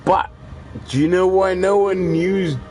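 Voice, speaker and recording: A man's voice: high voice, fairly even intonation, measured pace, a little mellow, low-quality recording. A man, chatting casually and rambling while he plays a video game, swearing freely and often restarting his sentences. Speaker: gaming streamer. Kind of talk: casual chat while gaming.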